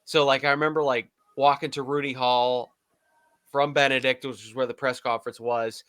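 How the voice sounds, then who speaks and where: Bright-voiced man telling animated stories. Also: mid-range voice, no echo. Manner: animated, laughing, quick to do impressions. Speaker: podcast co-host, former team staffer. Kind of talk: casual podcast storytelling.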